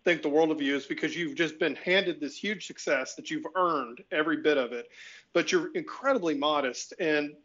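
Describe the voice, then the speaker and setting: A man's voice: fairly high pitch, moderate pace, fairly bright tone. A man interviewing an author in a friendly, rambling way, with restarts as he asks his questions. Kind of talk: conversational interview. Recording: dull lo-fi audio.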